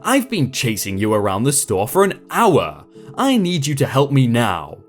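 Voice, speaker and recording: A bossy, entitled shopper of about fifty barks orders and throws insults, as a male narrator reads her part. Her delivery swings in pitch and stays lively. A little background music plays underneath. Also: normal speed, full character voice. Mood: demanding. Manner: demanding, insulting. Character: rude entitled fifty-ish woman shopper.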